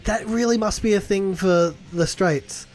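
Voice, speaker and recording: A man's voice: high-pitched, unhurried, a little mellow, faint music behind. A young Australian man co-hosting a podcast, making dry, sarcastic quips in casual chat. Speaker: podcast co-host.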